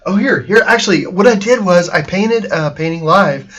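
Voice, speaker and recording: Rambly guy chatting in his art studio, lotsa ums, kinda higher voice. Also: expressive, normal speed, a bit bright. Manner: rambling, many fillers and restarts. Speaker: painter and host. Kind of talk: casual studio chat.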